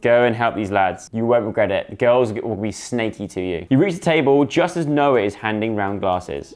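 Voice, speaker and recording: A man's voice: moderate pace, hardly any pauses. A young man, reading a story game aloud and commenting, jumping into character voices. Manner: animated, voices each character with big pitch jumps. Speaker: gaming YouTuber.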